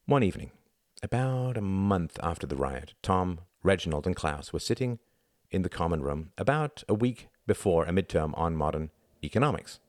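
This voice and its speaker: A man reading a novel aloud as an audiobook narrator, measured and expressive. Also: sits low, no echo, studio quality.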